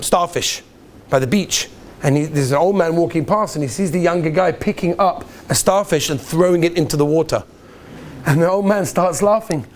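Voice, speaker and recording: A man, a rabbi, welcoming yeshiva students with parables, acting out the characters and sprinkling in Yiddish and Hebrew words. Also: slight background noise. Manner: storytelling, acts out characters with big pitch swings. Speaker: rabbi giving a welcome talk. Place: yeshiva hall.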